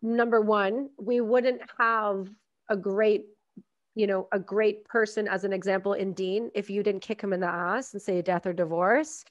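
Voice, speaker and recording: A woman hosting a podcast interview, talking emphatically and effusively and acting out quotes in animated voices. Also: mid-range voice, normal speed, no room sound. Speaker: podcast host. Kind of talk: casual interview conversation. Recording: dry, dull audio.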